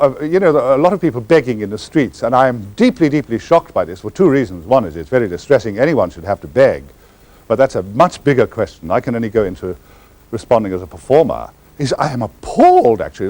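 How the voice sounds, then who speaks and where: A man's voice: mid-range voice, sing-song, a little fast, a little mellow. Older guy, wry theatrical rambling q&a answers, voice jumps all over. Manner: theatrical, wry, meandering storyteller. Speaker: guest answering audience questions. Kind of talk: anecdotal audience Q&A.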